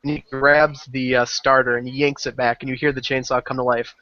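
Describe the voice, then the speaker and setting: A man's voice: mid-range voice, level tone, a little fast, pushed and bright, no echo. A man playing a tabletop game, describing his character's actions in vivid, graphic detail. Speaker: player. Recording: dry, dull lo-fi call audio.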